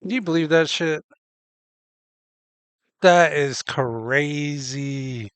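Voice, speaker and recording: A man's voice: on the high side, very slow, a bit bright, clean tone, dry recording. A man hosting, reacting bluntly and with profanity, mocking what he hears. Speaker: host reacting. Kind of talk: casual reaction commentary.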